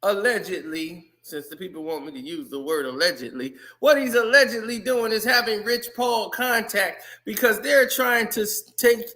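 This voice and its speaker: A man giving casual, animated sports commentary on his channel, laughing often. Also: high-pitched, moderate pace, few pauses. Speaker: YouTube commentator.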